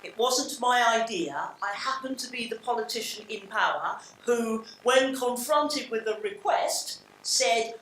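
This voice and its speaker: A woman's voice: a little high, measured pace, few pauses, fairly bright tone, slight background noise. An older woman from England with a London accent, giving a blunt, reflective public talk with frequent restarts. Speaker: panel speaker. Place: large hall. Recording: roomy hall sound from a distance.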